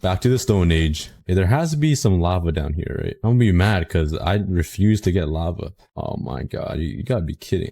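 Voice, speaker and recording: Low mellow-voiced excitable young man gaming. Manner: excitable, self-mocking, quick shrieks of panic. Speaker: Minecraft gameplay commentator. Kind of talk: casual gameplay commentary.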